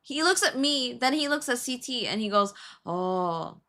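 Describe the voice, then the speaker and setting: A young woman streamer telling a story in a casual, animated way, laughing and swearing as she goes. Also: high-pitched, brisk. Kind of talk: casual storytelling while building a model kit.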